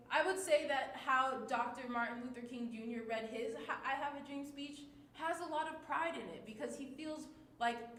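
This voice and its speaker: A woman's voice: a little high, a bit bright. A woman teaching a lesson for children, talking patiently and checking in often with her listeners. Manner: clear, patient teacher talk with many check-ins. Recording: echoey room with faint noise.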